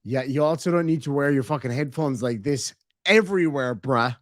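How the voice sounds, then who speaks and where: A man's voice: medium pitch, normal speed, dry recording, clean studio sound. A man giving profane, sarcastic reaction commentary on video clips. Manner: sarcastic, mocking, swears often.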